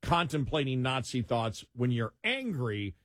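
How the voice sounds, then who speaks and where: Male co-host for a casual chat show: husky, jokey and animated, with a dry, close sound. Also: mid-range voice, unhurried, no echo. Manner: jokey, animated, riffs and repeats himself.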